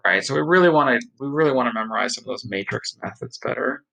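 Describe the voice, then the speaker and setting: A man's voice: mid-range voice, expressive, fast talker, vocal fry, pushed and bright, rough recording. A man thinks aloud, reading course notes and practising a pronunciation in a casual study session. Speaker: online study blogger.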